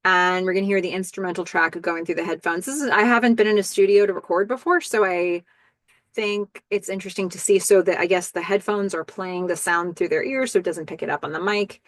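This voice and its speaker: A woman's voice: fairly low pitch, a little fast, no room sound. A woman hosting a podcast, chatting casually through a show recap and thinking aloud with ums and asides. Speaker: podcast host.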